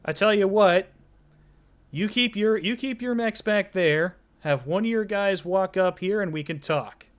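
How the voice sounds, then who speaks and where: Man, game master, tabletop narration, fairly high voice, easygoing with fillers. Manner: relaxed, halting narration with fillers.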